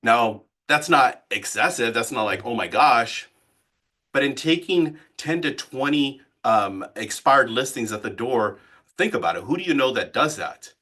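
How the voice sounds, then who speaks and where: A man leading a live sales training session as a coach. He talks in an animated way and keeps asking the group questions. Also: medium pitch, normal speed. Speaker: real estate sales coach.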